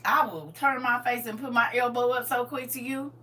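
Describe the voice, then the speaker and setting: A woman's voice: fairly high pitch, normal speed, sharp tone. A middle-aged woman on a podcast, blunt, sassy and emphatic, giving frank relationship opinions in casual chat.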